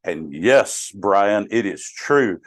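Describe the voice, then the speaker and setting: A middle-aged man leads a Bible study in an easygoing, unhurried way. He quizzes his class and jokes with them as he goes. His voice is close and dry. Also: fairly low pitch, animated, dry recording. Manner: conversational, questions the class, jokes. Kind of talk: interactive Bible study teaching.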